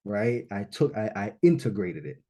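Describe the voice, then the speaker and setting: A man with a warm, mellow voice tells a personal story to a live audience at a launch event. He is animated and often checks in with "right?". He drops into hushed reflection and then rises into excited emphasis. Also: fairly low pitch, normal speed. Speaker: speaker at a business launch event.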